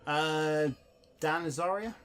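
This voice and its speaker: Easygoing, sweary British gamer, lighter voice. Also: male voice, a little high, fairly bright tone, faint music behind. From United Kingdom. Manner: easygoing, sweary, quick to agree. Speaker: let's play co-host. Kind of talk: casual gaming banter. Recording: faint background noise.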